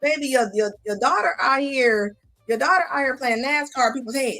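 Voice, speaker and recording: A woman's voice: high-pitched, moderate pace, pushed and bright, faint music behind. Blunt, mocking woman streamer. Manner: blunt, mocking, laughs often. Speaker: commentary streamer. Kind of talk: casual reaction commentary.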